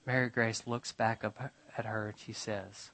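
A man preaching a sermon, retelling a story dramatically and moving between urgent, rising passages and hushed, drawn-out ones. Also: fairly low pitch, flat delivery, rough recording. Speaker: pastor.

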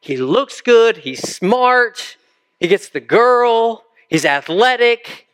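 A man's voice: very high-pitched, big pitch swings, takes it slowly, a bit bright, clean tone. A male pastor preaching a sermon in a conversational way, often putting questions to his listeners.

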